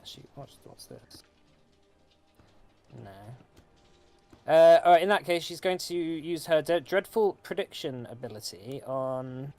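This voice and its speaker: A young man, the game master, casually running a tabletop game with hesitant pauses. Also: fairly high pitch. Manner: relaxed, hesitant, many filler sounds.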